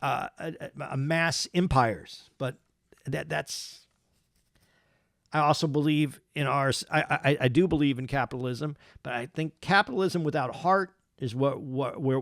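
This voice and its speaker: A man's voice: medium pitch, vocal fry, no echo, studio quality. A man co-hosting a casual podcast, rambling and restarting his sentences as he talks through his thoughts. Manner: rambling, repeats words and restarts often. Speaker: podcast co-host.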